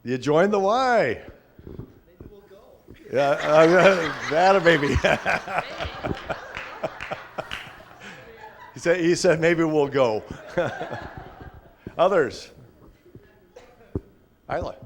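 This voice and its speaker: A man pastor preaching informally to a small congregation, chatty and halting, with frequent restarts. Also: a little high, expressive, a little hiss or hum. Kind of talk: informal sermon with congregation sharing. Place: church sanctuary.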